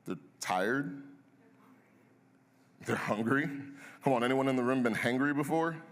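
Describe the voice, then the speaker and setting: A man's voice: medium pitch, a little slow. A male pastor preaching a sermon in a conversational way, asking the congregation questions and waiting for their answers. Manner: conversational, asks the congregation questions and waits for replies. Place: church auditorium. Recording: long reverb of a large hall.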